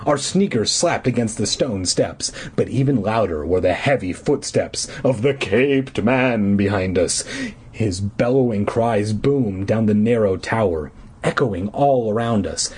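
A man reading a spooky children's storybook aloud, animated and playful, with jokey asides. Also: mid-range voice, slightly rough. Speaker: reader.

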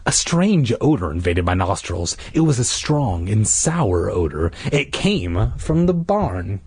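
A husky-voiced man reads a spooky children's story aloud, his pitch swinging widely as he dramatizes it. The sound is dry and close, and he slips into crude, jokey asides. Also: a little slow, no echo. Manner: animated, jokey, drinking beer. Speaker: reader.

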